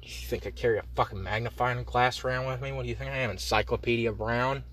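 A man's voice: medium pitch, fairly even intonation, fast talker, a bit bright. A man from Indiana hosting a solo comedy podcast, ranting in a profane, rambling, sarcastic way. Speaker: podcast host.

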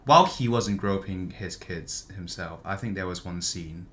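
A man's voice: sits low, normal speed, a bit bright. A man in casual chat about a book, hesitant and thinking aloud as he talks. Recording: faint background noise.

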